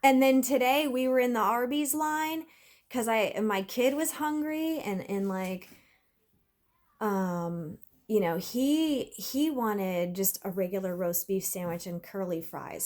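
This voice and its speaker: A woman's voice: medium pitch, unhurried, darkish tone. Chatty woman vlogging, loose and casual. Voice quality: chatty, frequent fillers and restarts. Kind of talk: casual vlog chat.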